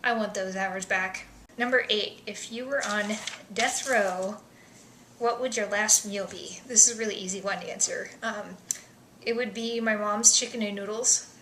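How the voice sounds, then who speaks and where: A young woman vlogger chatting casually through survey questions, self-deprecating, with soft mumbled asides. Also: mid-range voice, steady tone, normal speed, reverberant, slight background noise, rough recording.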